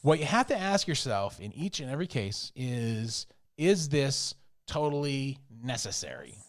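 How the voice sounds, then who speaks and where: A man's voice: medium pitch, sing-song, normal speed. A man co-hosting a business podcast in casual chat, rambling and laughing often. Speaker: podcast co-host.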